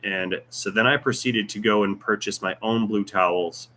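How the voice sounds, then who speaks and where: A man's voice: on the low side, steady tone, normal speed, sharp tone. A man with a Floridian Southern accent, a mechanic hosting a casual Q&A and chatting in a rambling, joking way. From American South. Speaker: mechanic and channel host. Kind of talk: casual livestream Q&A chat.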